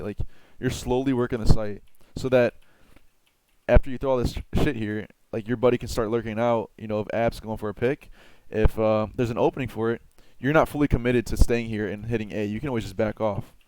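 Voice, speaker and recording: A man's voice: lowish voice, darkish tone, clean tone. A man giving casual game strategy tips, rambling with lots of filler words and the odd swear. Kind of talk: casual tutorial talk.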